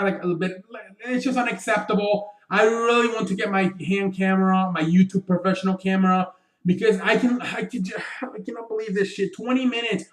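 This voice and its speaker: A man's voice: high-pitched, distant mic. A man hosting a casual sports show, rambling with lots of fillers and frequent swearing. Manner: rambling, profane, with many fillers. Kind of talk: casual solo show wrap-up. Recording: roomy, away from mic.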